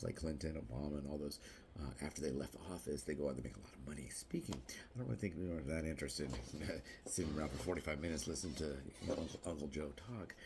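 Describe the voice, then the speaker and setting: A middle-aged man giving a rambling political vlog monologue, mocking and laughing at his own jokes, breaking into shrill squeals. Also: gravelly, mellow, slight background noise. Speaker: vlogger.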